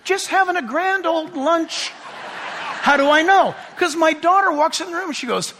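A man's voice: very high-pitched, animated, moderate pace, sharp tone, big-room sound. A middle-aged man preaching a sermon as pastor, telling chatty stories with self-deprecating humor.

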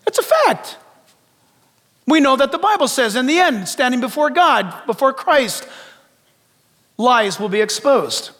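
High-voiced preacher in a reverberant hall. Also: male voice, lively intonation, unhurried, pushed and bright. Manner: emphatic, repeats phrases, rhetorical questions. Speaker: pastor. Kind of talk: sermon.

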